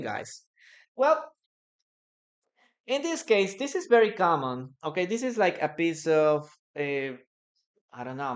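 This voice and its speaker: A medium-pitched voice belongs to an English teacher, a native Spanish speaker, who is giving a live online lesson. Explanations come slowly, broken up by hesitations and repeated phrases.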